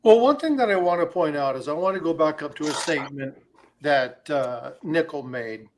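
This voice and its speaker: A man's voice: fairly high pitch, lively intonation, moderate pace, slight background noise. A man hosting a casual livestream, talking in a rambling way with many fillers and telling stories. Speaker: crypto livestream host.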